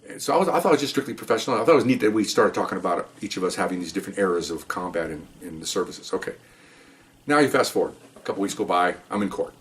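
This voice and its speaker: Older guy, lowish voice, rambling through cop stories, keeps saying okay?. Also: animated, rapid-fire, fairly bright tone. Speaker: police officer telling stories. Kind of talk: casual storytelling.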